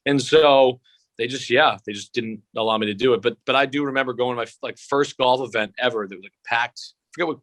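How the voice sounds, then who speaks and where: A man's voice: medium pitch, fairly quick, fairly bright tone, no echo. A young man telling stories as a guest over a video call, swearing freely and rambling. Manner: profane, rambling storytelling. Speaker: guest, sportscaster-style comedian.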